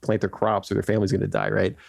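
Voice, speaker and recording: A man with a somewhat low voice tells history as podcast host, rambling casually with frequent fillers and quick laughs. His voice is recorded close and dry, with no room sound. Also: completely flat delivery, creaky, no room sound. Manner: rambling, laughs often, lots of "like" and "right?".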